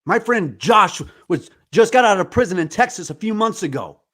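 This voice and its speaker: A podcast host in his forties pours out an angry, impassioned monologue, swearing often. His voice sits high for a man. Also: expressive, normal speed, a bit bright. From United States. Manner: angry, profane ranting.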